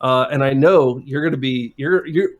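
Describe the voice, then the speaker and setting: A man's voice: medium pitch, normal speed, highs cut off. A man in his twenties, a guest on a show, telling a self-deprecating story in casual chat and acting out the quotes. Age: 20s.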